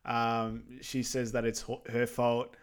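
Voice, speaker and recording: A young man co-hosting a podcast, recapping a film in relaxed chat with short agreeing replies and chuckles. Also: mid-range voice, slow pace, clear, resonant tone. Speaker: podcast co-host.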